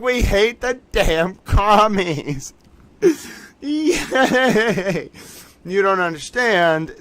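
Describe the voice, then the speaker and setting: A man's voice: a little high, fairly bright tone. A man hosting a casual live stream, playful and gushing, repeating himself as he talks to chat. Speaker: livestream host.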